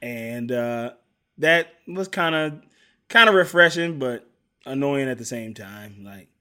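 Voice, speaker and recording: A man casually recapping a TV episode with a co-host, acting out the characters' lines in animated bursts. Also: mid-range voice, takes it slowly, clean tone. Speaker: podcast co-host recapping a TV show. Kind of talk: casual chat.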